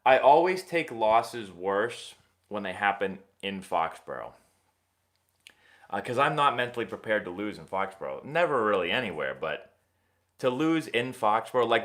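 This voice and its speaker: A young man hosts a casual live stream and answers viewer questions in loose sports-fan chat. His voice sits a little low. It swings widely up and down as he rambles and restarts his sentences. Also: fairly bright tone. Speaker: host of a live baseball Q&A stream.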